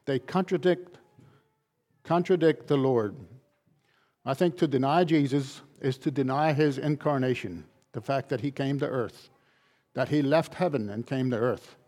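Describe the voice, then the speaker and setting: A man's voice: mid-range voice, unhurried, a little mellow. A man pastor delivering a sermon, driving points home with emphatic, repeated phrases. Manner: emphatic, repetitive preaching cadence.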